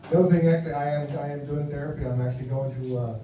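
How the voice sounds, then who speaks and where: This rambling stand-up set comes from an American man in his fifties at a live comedy venue, his fairly high, steady, mellow voice racing along in a mumble. The audio is dull and very echoey, with him far off and faint noise behind.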